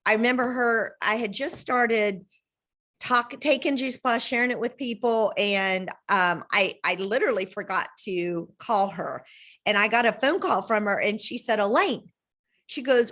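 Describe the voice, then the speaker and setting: A woman, hosting a casual video-call chat from home and telling stories with lively, acted-out quotes. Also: normal speed. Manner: animated storyteller, acts out quotes with big pitch jumps. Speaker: host.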